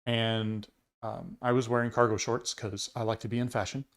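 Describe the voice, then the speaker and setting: A man's voice: mid-range voice, little pitch movement, normal speed, vocal fry. Rambling male podcast storyteller. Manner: rambling storyteller with many fillers. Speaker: podcast co-host. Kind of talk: casual chat.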